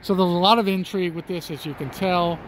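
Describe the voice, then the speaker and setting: Slightly high-voiced guy doing a casual true-crime vlog, folksy, calls everyone folks, faint street noise behind. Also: quick pace. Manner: chatty, folksy, addresses viewers as folks. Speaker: channel host. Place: outdoors on a residential street in front of a house.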